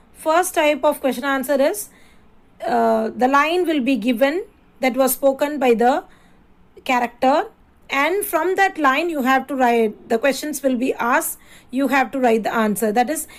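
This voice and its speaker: Woman, teacher, high voice, slow, spells and repeats words. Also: rough recording. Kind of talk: classroom lesson.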